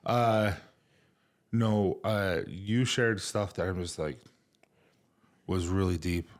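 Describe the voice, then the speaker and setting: A middle-aged man co-hosting a podcast, talking casually and emotionally with lots of fillers and restarts. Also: low-pitched. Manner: halting, emotional, many fillers. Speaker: podcast co-host. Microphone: remote recording setup.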